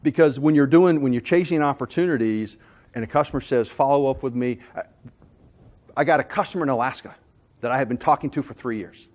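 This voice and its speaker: A man giving a sales management talk, telling jokey stories in an animated, self-deprecating way to a room. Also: mid-range voice, fairly quick. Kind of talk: storytelling presentation.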